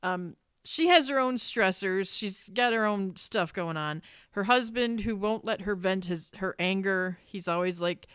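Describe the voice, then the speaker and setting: A woman's voice: medium pitch, measured pace, hardly any pauses, a bit bright, smooth, dry recording, clean studio sound. A woman co-hosting a podcast in casual chat. She swears freely and acts out her own exasperated reactions. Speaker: podcast co-host.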